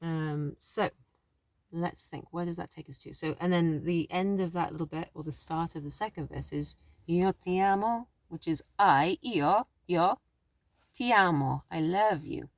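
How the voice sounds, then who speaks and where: A woman's voice: fairly low pitch, unhurried, dry recording. A woman teaching a language lesson in a chatty, thinking-aloud way, often correcting herself as she explains. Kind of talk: casual spoken lesson.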